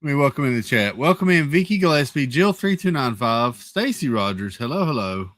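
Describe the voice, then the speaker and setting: A man hosts a relaxed live stream at a middle pitch and works through his chat, greeting viewers by name. He rambles a little and jokes along the way, a bit worn down by a headache. His voice sounds close and dry. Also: fairly quick, dry recording. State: has a headache.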